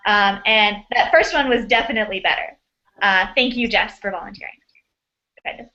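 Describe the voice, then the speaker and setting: A woman's voice: medium pitch, normal speed, pushed and bright, lo-fi sound. A woman teaching an online class, upbeat and encouraging, heard over a video call.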